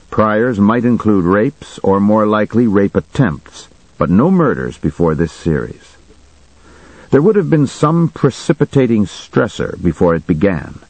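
A man narrating a first-person audiobook in a measured, matter-of-fact way. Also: fairly low pitch, darkish tone, husky, no room sound, rough recording.

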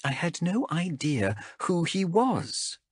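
A man's voice: fairly high pitch, very animated, slow pace, slightly rough, no room sound, clean studio sound, voice pushed up, heavily acted. A male narrator voicing a stubborn young woman explorer who speaks earnestly and defensively in a raised voice. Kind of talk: audiobook character voice.

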